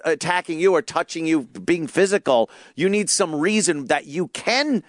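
Guy chatting loose and animated, swears a lot, voice jumps all over, dry sound. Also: a little high, moderate pace, no room sound. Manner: animated, swears, acts out quotes in exaggerated voices. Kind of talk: casual chat.

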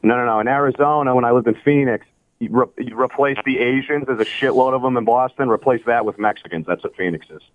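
Man, blunt, profane, storytelling, dull lo-fi line, mid pitch. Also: fast talker, dry recording. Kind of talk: crude comedy radio call-in.

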